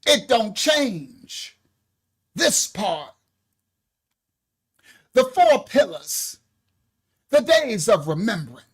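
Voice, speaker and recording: A man's voice: high voice, big pitch swings, drawn-out words, long pauses, husky. A man giving a livestreamed scripture lesson as a Bible teacher, speaking fervently, calling out exclamations and breaking into laughter, into his own desk microphone.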